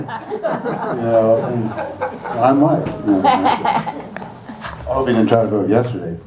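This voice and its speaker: A man's voice: on the low side, a little mellow. Rambling comic man in a roomy hall. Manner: rambling, laid-back, loose jokey delivery. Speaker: stand-up comedian. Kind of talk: stand-up comedy. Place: school hall open stage before a laughing crowd. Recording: roomy hall, mic set far off. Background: audience laughter.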